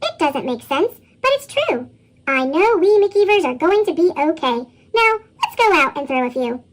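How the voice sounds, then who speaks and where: A woman voicing a gloomy but loving father in a storybook reading, her voice sped into a squeaky chipmunk pitch. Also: big pitch swings, normal speed, a little hiss or hum. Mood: comforting. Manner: gentle, reassuring storybook voice. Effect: chipmunk pitch shift.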